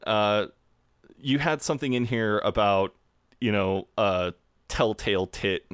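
Low-pitched guy chatting on a podcast, retelling scenes, super dry mic. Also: unhurried, smooth, no room sound. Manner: animated retelling, slips into character voices. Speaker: podcast co-host. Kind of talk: casual chat recapping a TV episode.

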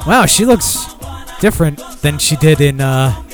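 A man's voice: fairly high pitch, expressive, a little slow, soft background music. A man hosting a podcast alone, rambling casually and swearing often while reading product copy aloud. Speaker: podcast host. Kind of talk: casual solo podcast talk.

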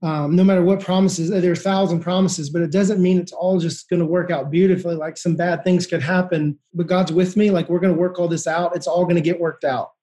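A man with a fairly high but mellow voice thinks aloud softly. His warm tone keeps his reflections gentle. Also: steady tone, fairly quick, few pauses. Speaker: participant in a prayer call.

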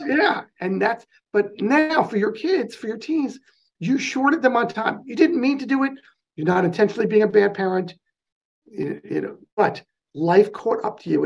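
A man with a New Jersey accent, talking quickly and with energy as a guest in a casual interview. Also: sits high, vocal fry, breathy edge. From North New Jersey. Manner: fast-talking, animated. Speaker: guest, charity president.

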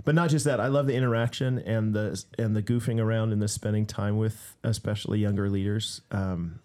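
A man's voice: lowish voice, steady tone, a little fast, a little mellow. A man and ministry leader chatting casually with friends, rambling with many restarts and telling stories with laughs. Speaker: ministry leader and podcast co-host. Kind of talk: casual chat.

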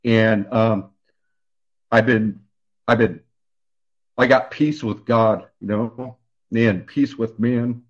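A man shares his personal testimony on a radio show, earnest and halting, often restarting his sentences. His voice sits low and comes through husky and slightly breathy. The line sounds muffled and lo-fi. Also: fairly even intonation. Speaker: radio guest.

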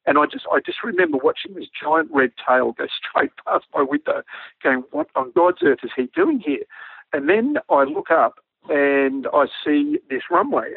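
Man, ex-army pilot storyteller, animated and laughing, gravelly voice, dry close sound. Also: mid-range voice, dry recording. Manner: animated storyteller, often laughing while talking. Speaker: former army helicopter pilot. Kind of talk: casual storytelling. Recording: dry tinny phone-like audio.

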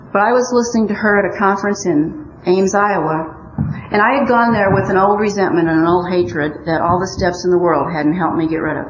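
An older woman tells her recovery story in an earnest, wry way. Her voice sits a little low. The recording is muffled and roomy, with faint noise behind her. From Omaha, Nebraska. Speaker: speaker at a recovery meeting. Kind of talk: personal recovery share.

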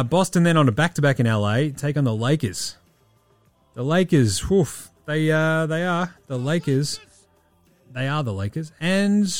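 A man hosting a podcast in casual sports chat, breezy and profane as he rattles off quick-fire picks. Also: medium pitch, no room sound. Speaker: podcast host.

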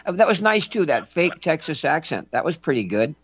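A man's voice: fairly high pitch, sing-song, normal speed, breathy edge, no room sound, muffled recording. A man hosting a political radio talk show, emphatic with folksy asides.

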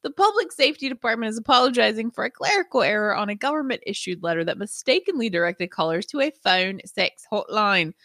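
Woman podcast co-host, animated and lively, bright tone, dry sound, reads news aloud. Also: mid-range voice, fast talker, few pauses, no echo. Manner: animated, laughs often. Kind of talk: casual chat and reading news aloud.

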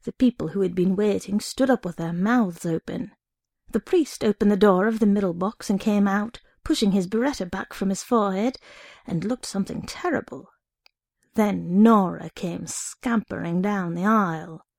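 Gravelly-voiced woman reading a story. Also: mid-range voice, moderate pace, a little mellow, no room sound, clean studio sound. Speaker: reader. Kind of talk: reading a short story aloud.

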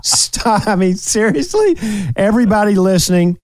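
An American man in his sixties hosts a casual talk show, upbeat and teasing. His voice sits high with a sing-song quality at a normal speed, and the recording is dry.

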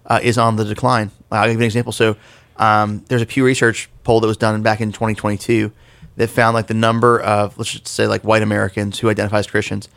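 A man's voice: on the low side, little pitch movement, fast talker, gravelly, a bit bright, dry recording. A man co-hosting a casual podcast discussion about faith, explaining things conversationally with the odd self-deprecating joke. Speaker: podcast co-host.

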